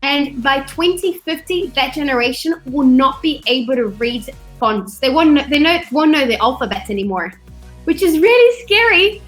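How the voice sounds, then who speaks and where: A woman's voice: sits high, moderate pace, faint music behind. A woman hosting a webinar over a video call, talking casually and animatedly, often acting out what people said. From not from Australia; studied there. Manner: animated, chatty, acts out quotes. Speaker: webinar host.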